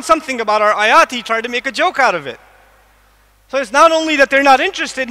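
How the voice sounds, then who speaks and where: A man from the United States, probably middle-aged, giving an animated religious lecture to a live audience, asking it questions and quickly reciting Arabic verses. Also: very high voice. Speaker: Islamic lecturer. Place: large lecture hall. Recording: long hall reverb.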